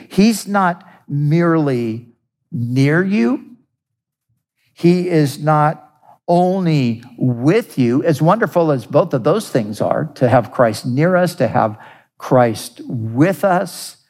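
A male pastor delivers a sermon in an unhurried, measured way. His voice carries a gravelly, creaky texture, and he drives points home by repeating key phrases with emphasis. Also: on the high side, lively intonation, darkish tone. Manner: earnest preaching, deliberate with emphatic repetition.

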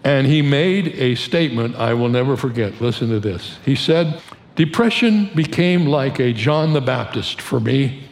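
An older man preaching a sermon in a measured, earnest way, slowing down for emphasis. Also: mid-range voice. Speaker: pastor. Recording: echoey room with long reverb.

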